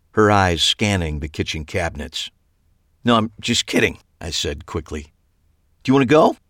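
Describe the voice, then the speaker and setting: A man reading a first-person crime novel with wry, expressive storytelling. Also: sits low, dry recording, studio quality. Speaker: audiobook narrator.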